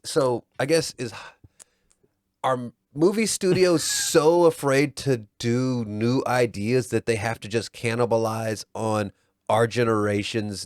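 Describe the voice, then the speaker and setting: A man's voice: mid-range voice, no echo, studio quality. A man co-hosting a podcast, chatting casually in a laid-back, joking way and swearing now and then. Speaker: podcast co-host. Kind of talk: casual chat.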